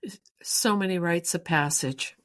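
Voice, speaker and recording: A woman's voice: on the low side, unhurried. A woman co-hosting a casual chat, listening supportively and reflecting back on her friend's story. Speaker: podcast co-host.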